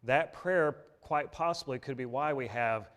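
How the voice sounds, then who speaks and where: A man's voice: medium pitch, measured pace, a bit bright. A man preaching a sermon in a church in a conversational, folksy way, with restarts and asides.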